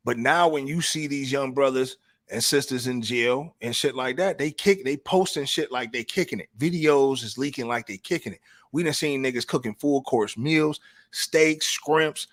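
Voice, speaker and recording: A man's voice: medium pitch, moderate pace, dry recording, studio quality. A man hosting a casual talk show, riffing with slang and many stumbling restarts. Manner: loose, repetitive, frequent restarts and slang. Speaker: podcast host.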